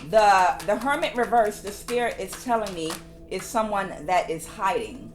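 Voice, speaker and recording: Woman tarot reader, lilting and animated delivery, hammers points by repeating herself. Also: medium pitch, moderate pace, over music. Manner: repeats phrases emphatically. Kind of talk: casual spiritual reading.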